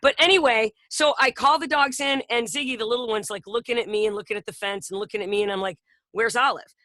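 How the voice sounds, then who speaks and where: A woman's voice: fairly high pitch, fast, no echo. A middle-aged woman co-hosting a casual podcast, telling stories with lots of laughter and acted-out voices. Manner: animated storyteller, laughs often, acts out voices. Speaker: podcast co-host. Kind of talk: casual chat.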